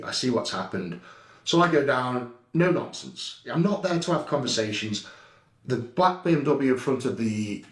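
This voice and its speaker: A blunt, heated middle-aged man tells his story in a casual, indignant way. His voice sits at an ordinary pitch. It carries a roomy echo, and he sounds a little back from the mic. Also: a bit bright, distant mic. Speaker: vlogger recounting an incident. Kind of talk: casual first-person account over CCTV footage.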